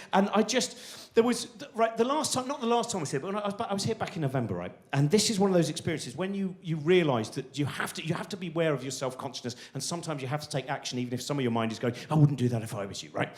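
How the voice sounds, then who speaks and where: A man in his forties tells a meandering stand-up story and pokes fun at himself. He keeps restarting and wandering into asides. His voice sits high and swings widely in pitch. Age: 40s. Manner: rambling, self-deprecating, lots of restarts and asides. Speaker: stand-up comedian.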